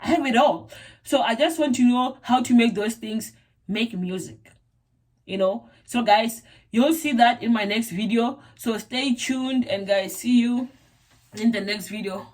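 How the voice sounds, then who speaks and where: Young South African woman vlogger, slightly high voice, rambling casual chat full of fillers. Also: unhurried, a little mellow. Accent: South African English. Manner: rambling, repeats words, lots of fillers.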